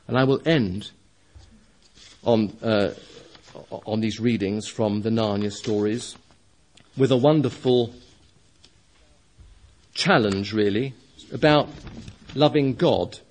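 A man preaching, reading a children's story aloud with expressive, measured storytelling. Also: on the low side.

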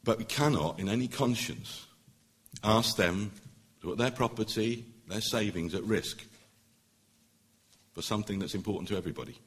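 A middle-aged man, a barrister, addressing a public meeting in an earnest, emphatic way that builds to forceful points. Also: on the low side, moderate pace. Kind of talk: public speech.

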